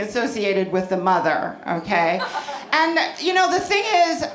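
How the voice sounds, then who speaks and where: A woman's voice: a little high, a bit bright. A woman in her forties doing a brash, profane, self-deprecating stand-up set in a comedy club. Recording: roomy club with audience laughter. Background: audience laughter.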